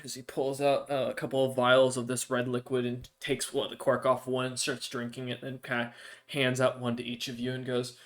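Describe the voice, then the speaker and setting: A man's voice: mid-range voice, completely flat delivery, moderate pace. A man narrating a tabletop game as game master, speaking hesitantly with many fillers.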